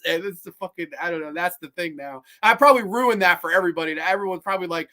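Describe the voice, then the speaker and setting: A man hosting a horror review show, chatting casually on a livestream and answering viewer comments in an excitable, profane, rambling way. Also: sits high, brisk.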